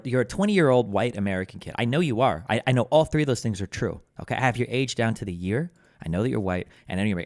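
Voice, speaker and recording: A man giving heated, profane live-stream commentary straight into a desk microphone. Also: mid-range voice.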